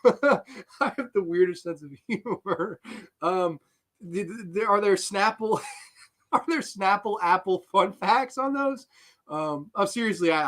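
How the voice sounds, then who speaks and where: A man's voice: a little high, sharp tone. A young man giving rambling, profane live commentary on a horror film and breaking into giggling fits.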